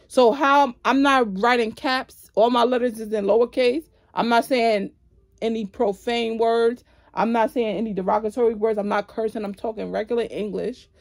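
A woman's voice: mid-range voice, a little mellow. Woman vlogger, indignant and sassy, casual storytime rant delivered straight to the camera.

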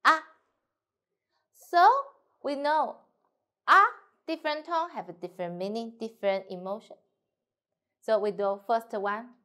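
A woman's voice: on the high side, lively intonation, a bit bright. A young woman with Mandarin as her first language, teaching a Mandarin lesson in English, drawing out exaggerated tone demonstrations. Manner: slow, exaggerated tone demonstrations with non-native English grammar.

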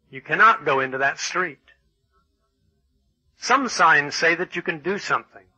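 A man reading English textbook exercises and passages in a measured, announcing way. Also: a little high, sharp tone, husky, dry recording, rough recording. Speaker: textbook audio reader. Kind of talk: scripted textbook narration.

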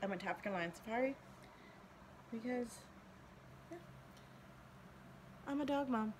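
A woman's voice: on the high side, animated, unhurried, long pauses. Chatty woman unboxing with background noise. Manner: chatty, enthusiastic, talks baby-talk to her dogs. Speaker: beauty channel host. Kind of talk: casual unboxing vlog. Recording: home video with clear background noise.

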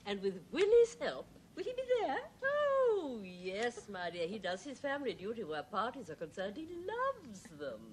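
A woman's voice: fairly high pitch, huge pitch swings, moderate pace. An actress playing a sociable, gushing elderly lady who talks in an effusive, sing-song way.

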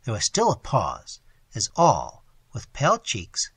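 Expressive male audiobook narrator, husky. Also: mid-range voice, unhurried, no echo. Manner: expressive, dramatic reading. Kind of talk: scripted narration.

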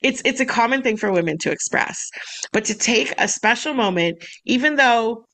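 A woman co-hosting a podcast in a casual, laughing, animated way. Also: on the high side, moderate pace, low-quality recording. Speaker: podcast co-host.

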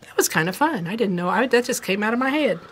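A woman's voice: mid-range voice, expressive, fast, slightly rough. A woman hosting a quilt shop video, chatting casually about fabric and kits with a rambling, playful manner. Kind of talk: casual product chat.

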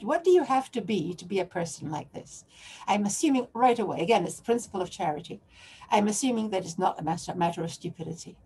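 A woman's voice: lowish voice, warm tone, slightly rough. A woman lecturing on a biblical text to a remote audience, often restarting and posing questions as she searches for words.

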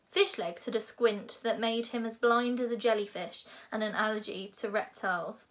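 A woman reading a children's novel aloud in a lively, expressive way. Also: fairly high pitch, normal speed, hardly any pauses. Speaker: reader.

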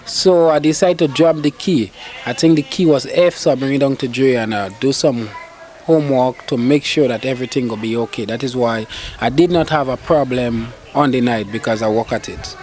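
A man, a calypso singer answering interview questions in a relaxed, dialect-tinged way. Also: medium pitch, moderate pace, a little hiss or hum.

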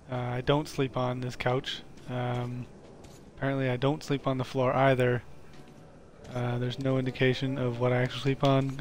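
A man's voice: medium pitch, slight background noise. A man casually commenting while he plays a game live, joking and talking to the characters on screen. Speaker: streamer playing a game.

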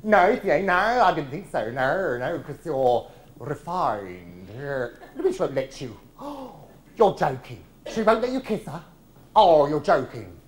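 Pushing his fairly high voice down, a man portrays a camp, gossipy lad, teasing and chatting with swooping, emphatic delivery. It's a one-man stage monologue recorded live in a large theatre, with the audience laughing.

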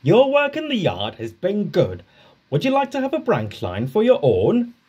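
A man's voice: high-pitched, wildly swooping pitch, normal speed, mellow, slightly rough, dull audio, pitched above the performer's own voice, heavily acted. A man voicing a stout, formal male railway boss who speaks approvingly.

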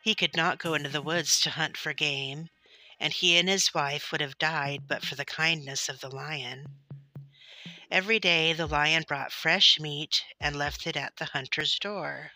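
Slow bright-voiced woman reading a story. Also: deep voice, fairly even intonation. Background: soft background music.

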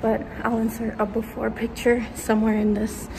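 A woman's voice: fairly high pitch, completely flat delivery, moderate pace, gravelly, noisy background. A woman in her twenties chatting casually to her viewers in a vlog, full of fillers. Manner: chatty, filler-heavy, talks straight to viewers. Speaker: vlogger. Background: background music.

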